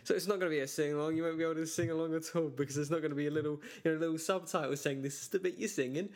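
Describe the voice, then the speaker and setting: Rambling, joking male podcast host, slightly high voice. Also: steady tone, very fast, a little mellow. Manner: rambling, joking, self-mocking, laughs often. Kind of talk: casual solo podcast chat. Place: his own bedroom.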